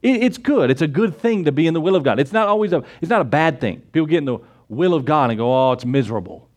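A man preaching a sermon with scripture quotes and rhetorical questions, swinging between loud emphatic exclamations and low conversational asides. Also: animated, quick pace. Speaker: pastor.

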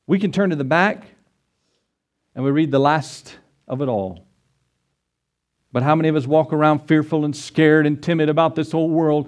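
A man with a somewhat high voice delivers an emphatic sermon. He moves between reading scripture and casual asides, acting out the story with lively, conversational energy. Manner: emphatic, animated preaching with conversational asides and dramatized quotes. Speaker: preacher.

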